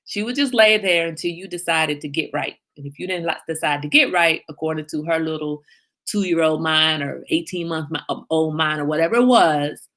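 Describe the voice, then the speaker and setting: Woman host, middle-aged, bright tone, lower pitch, emphatic casual chat, animated storytelling. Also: moderate pace. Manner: animated storyteller, emphatic, reads viewer comments. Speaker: livestream host.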